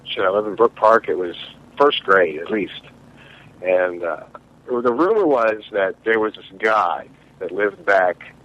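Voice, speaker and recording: Ohio guy w a lowish voice, rambling n stopping a lot, muffled lo-fi sound. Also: lively intonation, fairly bright tone. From Ohio, USA. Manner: halting, rambling, many restarts. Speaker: radio show co-host. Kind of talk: casual storytelling chat.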